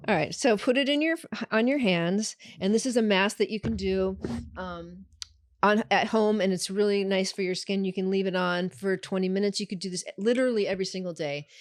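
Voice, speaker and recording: A woman's voice: mid-range voice, normal speed, no room sound, clean studio sound. A woman hosting a podcast in casual chat, giggly and chatty. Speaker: podcast host.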